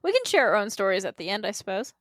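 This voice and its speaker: A woman's voice: mid-range voice, fast, dry recording, studio quality. A woman co-hosting a podcast, telling stories casually and laughing often. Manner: laughs often, relaxed storytelling. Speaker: podcast co-host. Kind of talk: casual chat.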